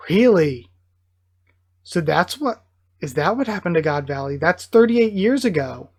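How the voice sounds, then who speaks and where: A channel host reacting live to a comic chapter, reading parts aloud with excited outbursts. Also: mid-range voice, a little slow, pauses often. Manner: excitable, bursts of enthusiasm between plain read-aloud passages.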